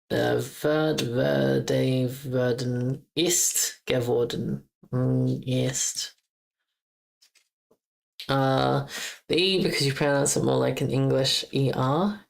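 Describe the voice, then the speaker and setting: A woman with an extremely low, gravelly voice, chatting on a live stream in an unhurried way. She repeats foreign words over and over to get the sound right, breaking off with quick curses and exclamations. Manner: repeats German words aloud as she practices pronunciation; blurts out casual exclamations and curses. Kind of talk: casual live-stream chat.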